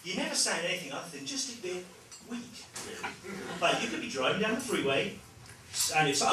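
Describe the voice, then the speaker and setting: A British stand-up comedian in his forties, animated and self-deprecating, his pitch leaping high as he riffs. The voice carries through an echoey comedy club, heard from some distance, with a heavy wash of noise behind. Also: fairly quick. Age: 40s. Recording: roomy, distant, noisy club.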